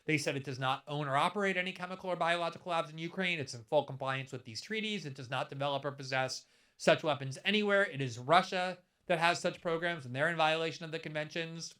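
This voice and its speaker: A man's voice: fairly high pitch, fast talker, pushed and bright, clean tone. A man in his fifties delivering a commentary monologue, emphatic and building his case through pointed rhetorical questions. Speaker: political commentator.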